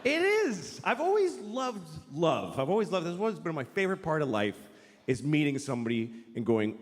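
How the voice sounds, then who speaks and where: A male stand-up comic rants with a blunt, profane edge, and his pitch jumps around a lot as he mocks the people he quotes. His voice sits a little high for a man. A long hall reverb carries it, with faint room sound underneath. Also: sing-song, moderate pace, fairly bright tone. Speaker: stand-up comedian. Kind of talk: stand-up comedy routine. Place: large hall with an audience.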